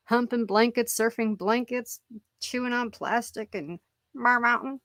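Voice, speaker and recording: A woman's voice: on the high side, takes it slowly, long pauses, fairly bright tone, no room sound, clean studio sound. A middle-aged woman hosting a casual live-stream chat, rambling and joking about her pets and laughing often as she reads comments. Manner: rambling and jokey, laughs a lot.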